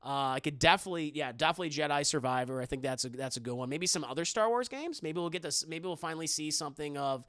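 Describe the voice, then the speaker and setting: A man's voice: fairly high pitch, fast, few pauses, fairly bright tone, no room sound, clean studio sound. A young adult man on a live stream, chatting casually and reacting to viewers' comments in a rambling way, often restarting his sentences.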